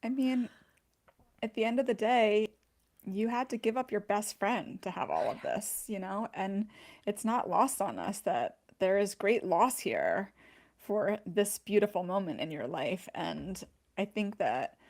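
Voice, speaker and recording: A woman co-hosting a podcast, speaking gently and sincerely in casual chat. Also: mid-range voice, animated, a little slow. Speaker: podcast co-host.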